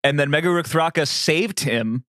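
A man's voice: a little high, normal speed, a bit bright, dry recording, clean studio sound. A man co-hosting a casual podcast, telling long rambling stories with plenty of swearing. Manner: rambling, profane storyteller. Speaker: podcast co-host. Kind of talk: casual chat.

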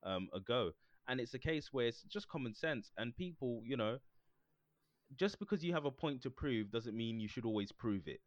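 A man's voice: medium pitch, expressive, normal speed, dry recording. A man chatting casually as a podcast co-host, cracking jokes and laughing often. His voice swoops up and down with lots of life. The sound is dry and a little dull. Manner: jokey, mimics people in silly voices, laughs often. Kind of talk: casual chat.

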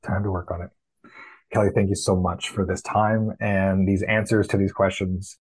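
A man's voice: low voice, little pitch movement, normal speed, darkish tone, slightly rough, low-quality recording. A man interviewing a guest, giving brief affirming replies and wrapping up the conversation. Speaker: interviewer from podcast production company. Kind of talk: casual interview.

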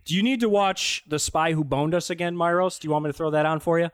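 A man's voice: fairly high pitch, fast, smooth, no room sound, studio quality. A man co-hosting a casual movie-review podcast, joking and acting out lines from the film. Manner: animated, mocking, acts out movie lines. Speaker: podcast co-host.

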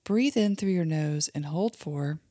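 Woman, mother hosting a kids' relaxation show, lowish voice, gentle and soothing, soft whispers, dry close recording. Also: lively intonation, a little slow, dry recording. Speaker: host and mother leading guided relaxation for kids. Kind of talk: guided imagery for children.

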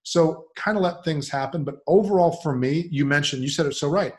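A man's voice: fairly high pitch, fairly quick. Reflective man talking casually. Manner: reflective, animated when quoting others. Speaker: podcast guest. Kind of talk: casual conversational interview.

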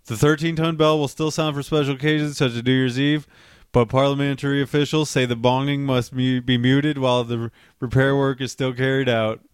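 A man on a casual podcast reads strange news stories aloud, tripping over words and laughing at his own mistakes. His voice is smooth and resonant, recorded close and dry with no room sound. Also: mid-range voice, flat delivery, brisk, no echo. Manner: stumbling, laughing reader, swearing at his own slips. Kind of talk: casual chat, reading articles aloud.

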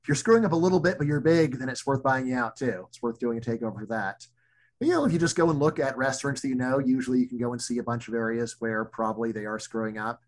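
A man's voice: mid-range voice, quick pace. A middle-aged man, an economist guest, talking casually in an interview with many restarts and fillers.

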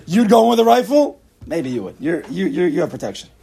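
A man leading an informal Torah class, talking in a rhetorical, animated way and using Hebrew and Yiddish terms. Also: high voice, fast, gravelly.

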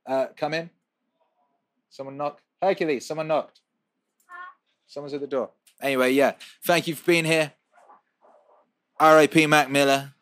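A man hosting a podcast, answering listener questions in a casual, profane rant that swings from a laid-back drawl to loud outbursts. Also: on the high side, steady tone, normal speed, long pauses, no room sound. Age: adult with a young son. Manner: profane, fired-up ranting with repeated phrases.

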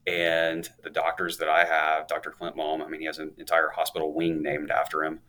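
A man's voice: a bass voice, monotone, a little fast, bright, forceful tone. A man in his thirties, a guest on an interview show, telling his story in an upbeat, chatty way with a laugh now and then. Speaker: guest, law firm owner.

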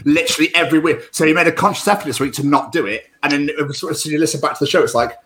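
Wry co-host with a bright edge, faint noise under him. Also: male voice, on the high side, rapid-fire. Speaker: podcast co-host. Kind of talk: casual livestream chat.

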